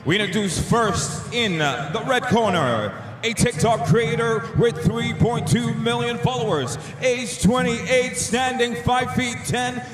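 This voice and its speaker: A man working as ring announcer, calling out the fighters with booming, drawn-out calls. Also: a bit bright. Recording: echoey arena with music.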